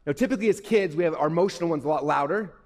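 A man's voice: on the high side, very fast, a little mellow. A man giving an interactive, upbeat talk to a youth audience, checking in with the room every few sentences. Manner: upbeat, keeps checking in with "okay?". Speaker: workshop presenter. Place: event hall. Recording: echoey hall.

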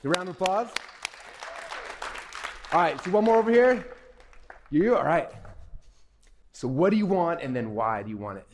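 A man giving an energetic, playful, emphatic live presentation to young people as a motivational speaker. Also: fairly high pitch, moderate pace, long pauses, a faint crowd, a little hiss or hum. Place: event hall. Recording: reverberant hall.

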